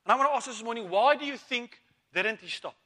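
High bright-voiced preacher in a reverberant hall. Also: male voice, lively intonation, fast. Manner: rhetorical questions, calls of amen, repeats words. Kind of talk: sermon. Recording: long reverb of a church hall.

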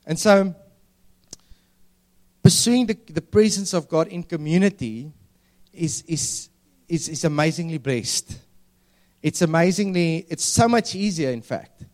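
A man preaching a sermon, earnest and drawing out key words slowly for emphasis. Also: on the high side, a little mellow. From South Africa.

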